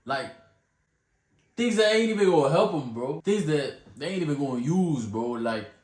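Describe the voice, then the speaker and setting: A man's voice: a little high, expressive, normal speed, a little mellow, reverberant. A man reacting casually to a comedy clip with slang-heavy asides. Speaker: reaction video host.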